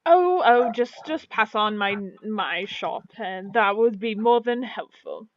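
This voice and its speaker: A woman's voice: medium pitch, lively intonation, slow, dry recording, muffled recording. A woman voicing an eager, flustered male shopkeeper who stammers to please.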